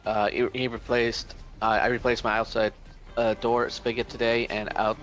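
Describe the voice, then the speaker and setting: A man co-hosting a live game stream, reading chat messages aloud in a halting, hesitant way. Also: mid-range voice, flat delivery, fairly bright tone, highs cut off, soft background music.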